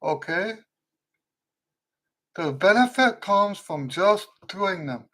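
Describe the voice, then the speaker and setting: A man teaching trumpet on a live-stream Q&A, tired and weak with a fading voice, speaking slowly and repeating his key points for emphasis. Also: high voice, animated, bright, forceful tone.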